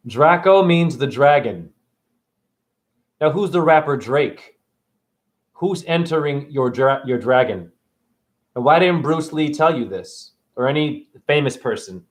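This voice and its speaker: A man hosting a spiritual video, rambling in an erratic, free-associating monologue with shouted asides. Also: on the high side, lively intonation, a little slow, long pauses.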